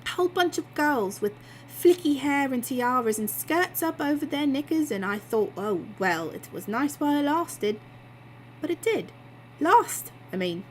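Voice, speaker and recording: Brief: cheeky barmaid, breezy and lively, put on by a woman reader in a storybook reading, slightly raised voice, faint room hum. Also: high-pitched, a little slow, voice pushed up.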